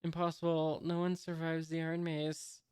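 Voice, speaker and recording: A reader voicing a menacing, heavyset female pirate captain, read out flatly. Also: medium pitch, moderate pace, clean tone, natural voice. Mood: threatening. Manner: flat reading.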